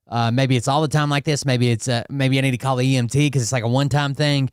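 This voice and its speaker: A man's voice: medium pitch, fairly even intonation, fast talker, hardly any pauses, clean tone, no echo, clean studio sound. Blunt, profane man reacting to a video. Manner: blunt, profane, with frequent restarts. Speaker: commentator. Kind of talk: casual reaction commentary.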